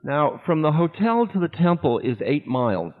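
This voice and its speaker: A man's voice: fairly high pitch, sing-song. Male spiritual teacher, candid storytelling talk with laughter; tinny lo-fi recording, long hall echo. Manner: candid, unhurried, breaks into laughter.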